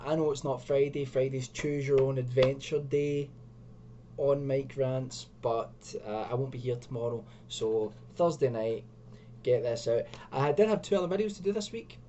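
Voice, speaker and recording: Male host, casual self-mocking gamebook reader, mellow dark tone, lo-fi sound. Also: medium pitch, moderate pace, a little hiss or hum. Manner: chatty, self-mocking asides. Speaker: video host. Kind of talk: reading and commenting on an adventure gamebook.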